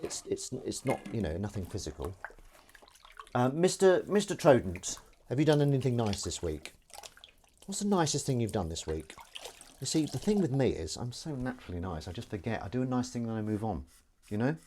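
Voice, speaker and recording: A man's voice: mid-range voice, sing-song, a little fast, dark tone, slight background noise. Comedian guy rambling on a live stream at the sink, bouncy up-and-down voice, faint running water behind. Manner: rambling, self-deprecating, reads out chat comments. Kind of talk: casual live-stream chat to viewers.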